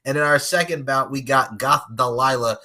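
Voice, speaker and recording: A man hosting a fight podcast, excitable and jokey, often breaking into loud hype. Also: medium pitch, normal speed. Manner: hyped, jokey, bursts of shouting. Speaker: podcast host.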